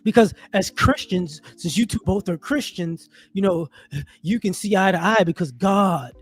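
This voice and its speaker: An online commentator, a man with a high voice, delivers a casual monologue at a moderate pace. He's animated and rhetorical and keeps restarting his sentences, with faint music playing behind him.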